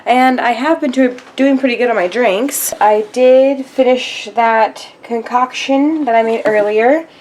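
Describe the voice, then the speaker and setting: A chatty young woman vlogging her day in a slightly high voice. She talks casually and keeps turning to her viewers as "you guys.". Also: measured pace, hardly any pauses, a little mellow, a little hiss or hum. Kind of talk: casual chat.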